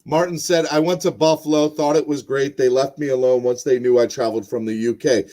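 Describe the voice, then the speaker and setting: A man's voice: mid-range voice, steady tone, a little fast, mellow. A young man hosting a casual sports podcast, rambling with lots of ums and uhs. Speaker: podcast host.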